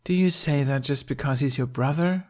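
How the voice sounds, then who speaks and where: A man's voice: mid-range voice, normal speed, darkish tone, pitched above the performer's own voice, close to an everyday voice. A man reading fan fiction aloud, voicing a sly young girl who drawls in an offhand way. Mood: nonchalant.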